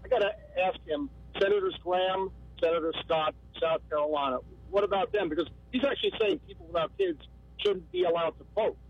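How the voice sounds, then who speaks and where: A man with a New Jersey accent calling in to a radio show, earnest and halting. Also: high-pitched, breathy edge. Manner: earnest, hesitant restarts. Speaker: caller. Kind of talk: phone-in call. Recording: muffled phone line.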